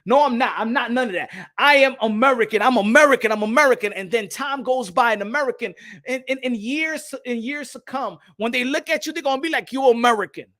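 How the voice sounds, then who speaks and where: High-voiced man ranting heatedly. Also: fairly quick, sharp tone. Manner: heated, profane, repeats himself. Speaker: boxing channel host. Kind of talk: casual opinion rant to camera.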